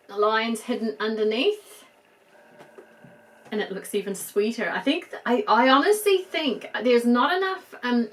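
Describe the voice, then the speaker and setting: A middle-aged woman with a New Zealand accent, chatting casually as she dresses a doll, soft and gushing with murmured asides. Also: on the high side, poor audio. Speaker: doll collector. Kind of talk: casual show-and-tell chat.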